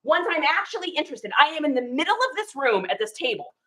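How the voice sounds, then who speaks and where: A fast-talking woman with a high voice recounts a story while displaying items she picked up at garage sales. She's a reseller, animated and laughing as she mimics the people she met in this casual chat. The recording is low quality.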